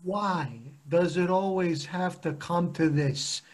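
A man's voice: sits high, slow. An actor playing an exasperated middle-aged father scolding his own father on a video call.

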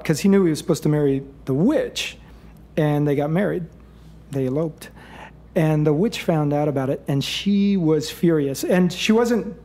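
Rambling man telling a comic fairy tale. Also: fairly high pitch. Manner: rambling, chuckling, deadpan asides. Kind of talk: live comic storytelling. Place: live venue stage.

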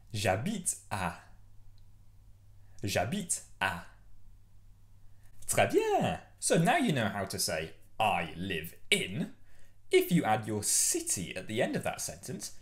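A man leads a kids' French lesson, his voice leaping wildly up and down as he drills each word. He is playful and theatrical, and he often takes his time between words. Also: lowish voice. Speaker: French teacher. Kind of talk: energetic beginner language lesson.

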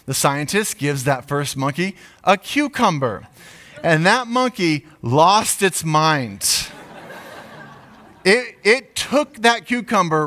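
Animated male pastor preaching. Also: a little high. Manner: animated storytelling with acted-out asides. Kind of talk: sermon.

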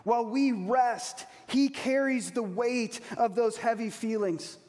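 A man preaching a sermon as pastor, earnest, slowing down to repeat key phrases. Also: very high-pitched, a little mellow. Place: church hall. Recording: long reverb of a large hall.

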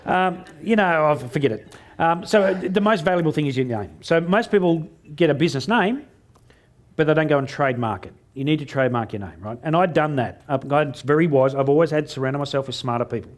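A middle-aged Australian man telling a funny story to an audience, playing out each line of dialogue himself. His voice sits a little high and he mocks himself as he goes. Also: fairly quick. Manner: lively storyteller who acts out dialogue, self-mocking. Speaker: motivational speaker. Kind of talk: humorous storytelling talk on stage.

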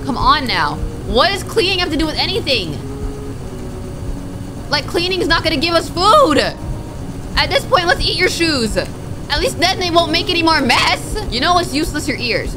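A woman commenting on a video game as she plays, joking and reacting loudly to scares. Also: high voice. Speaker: gaming streamer. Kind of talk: let's play commentary. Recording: game music behind the voice. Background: game music.

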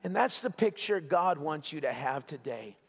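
Pastor, male, high-pitched, fervent repeating cadence, big reverberant sanctuary. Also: big pitch swings, normal speed, creaky, husky. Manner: impassioned, repetitive preaching cadence. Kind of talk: sermon. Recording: long hall reverb.

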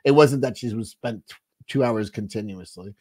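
A man's voice: lowish voice, moderate pace, warm tone, slightly rough. A man hosting a casual livestream, talking in a rambling, profane way with many restarts, and reading out viewer chat. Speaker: livestream host.

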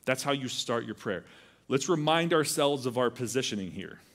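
A man's voice: mid-range voice, animated, moderate pace, a bit bright. Man preaching a casual, conversational sermon. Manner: conversational, acts out quoted voices. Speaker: pastor.

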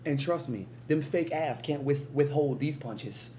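A man hosting a music reaction from his room at home, excitable and crude, breaking into loud bursts and laughter. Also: mid-range voice, unhurried, hardly any pauses, very noisy. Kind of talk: animated reaction commentary.

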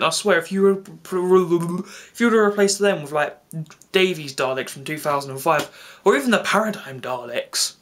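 A man giving a casual reaction video, excitable and gushing, with quick asides. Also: fairly high pitch.

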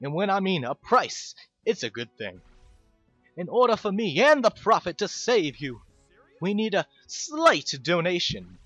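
Booming slow-preaching reverend, as a man puts him on, higher than his own voice, dull lo-fi sound with game music under it. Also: big pitch swings, slightly rough, dry recording, heavily acted. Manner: drawn-out, loud sermon cadence.

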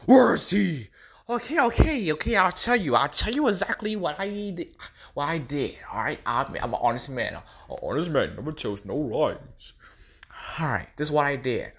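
A man's voice: on the high side, big pitch swings, normal speed, vocal fry, a bit bright, exaggerated voice. Joker, a man doing a cackling, taunting clown villain. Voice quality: cackling laugh. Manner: taunting, sing-song, swings between whispers and squeals. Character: unhinged male clown villain, taunting and gleeful. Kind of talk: fan impression skit.

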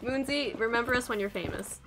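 A woman's voice: on the high side, a little fast, over music, poor audio. A woman streaming a game, chatting playfully and laughing often as she reads chat and jokes with a friend. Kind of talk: casual gaming stream chat.

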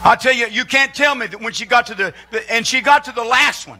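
A man preaching a humorous sermon as pastor, animated and joking, building up to excited shouting. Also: very high voice, fast, hardly any pauses. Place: church sanctuary.

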